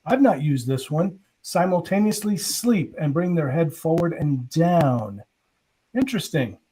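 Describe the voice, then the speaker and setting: Higher-voiced man hosting an online chat. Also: animated, a little slow, mellow, a little hiss or hum. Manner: thinks aloud, reads viewer questions out. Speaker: host hypnotist. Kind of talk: casual live-stream chat. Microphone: video call.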